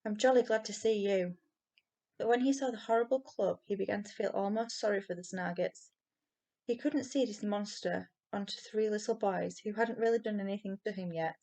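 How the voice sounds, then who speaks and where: A woman reading a children's novel aloud with expressive storytelling. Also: medium pitch, a little fast. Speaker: reader.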